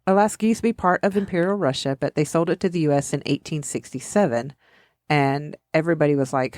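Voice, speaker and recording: A woman's voice: deep voice, fast, a little mellow, dry recording. A woman co-hosting a podcast, rambling through fun facts in a chatty, giggly way. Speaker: podcast co-host. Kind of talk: casual chat.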